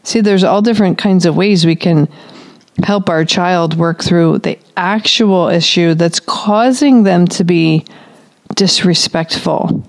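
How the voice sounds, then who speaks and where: Lady parenting coach, kinda low voice, calm and explaining things step by step. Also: takes it slowly. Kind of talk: advice talk to parents.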